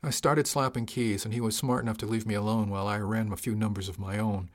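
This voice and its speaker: A man reading first-person narration in an audiobook, with a measured, wry delivery. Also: lowish voice, fairly even intonation.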